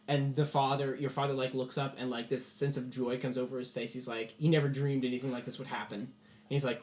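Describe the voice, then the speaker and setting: A man's voice: medium pitch, little pitch movement, fast, a little mellow, echoey room. Guy running a tabletop game, loose rambly narration, lots of likes and uhs. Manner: loose and rambling, many fillers. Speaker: game master.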